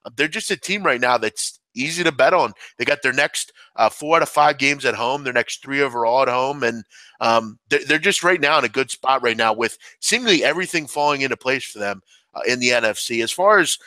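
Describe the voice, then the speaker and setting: Bright, dry-voiced sports analyst. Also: male voice, mid-range voice, fairly quick, no echo. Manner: talkative, fills with "I mean". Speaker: sports bettor.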